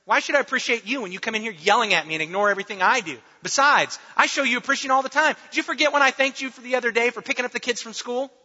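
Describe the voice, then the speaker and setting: A preacher puts on a defensive spouse, indignant and argumentative, with the voice raised high. The retorts ring through a reverberant hall on a slightly dull recording. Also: male voice, racing, few pauses, bright, forceful tone, full character voice. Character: defensive spouse snapping back.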